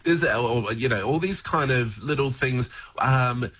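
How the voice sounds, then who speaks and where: Man, husky, mid pitch; chatty radio guest, hesitant, chuckling. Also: unhurried, fairly bright tone. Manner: rambling, hesitant, chuckling often. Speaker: radio guest, language commentator. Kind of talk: casual radio chat.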